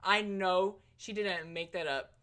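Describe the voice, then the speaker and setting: Low, bright-voiced young woman vlogger. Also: fairly even intonation, slow pace. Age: young adult. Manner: chatty and slangy, full of "like" and "literally". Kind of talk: casual storytelling vlog.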